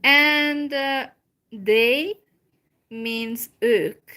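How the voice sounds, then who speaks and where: Slow, careful woman teaching phrases. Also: sits high, sharp tone. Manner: slow and careful, repeats phrases, many fillers. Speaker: language teacher. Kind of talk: slow informal language lesson.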